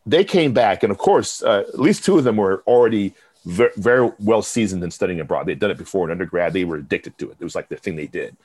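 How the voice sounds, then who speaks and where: A Texas professor and program director tells stories in a casual interview, his low-pitched, slightly rough voice moving fast in a dry recording. Animated, he acts out what others said, quoting them in lively bursts.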